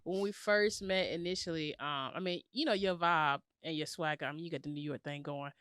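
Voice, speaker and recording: Woman, podcast host, enthusiastic and slangy, smooth clear voice, dry close sound. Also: low voice, brisk, fairly bright tone, dry recording. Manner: enthusiastic, slangy, says "you know what I'm saying". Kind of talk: casual interview chat.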